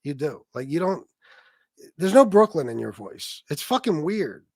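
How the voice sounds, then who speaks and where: A man's voice: on the high side, very animated, moderate pace, gravelly, darkish tone, dry recording. Profane ranting man streamer, dry close sound. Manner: profane, heated, sarcastic ranting. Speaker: livestream host. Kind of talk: ranting livestream commentary.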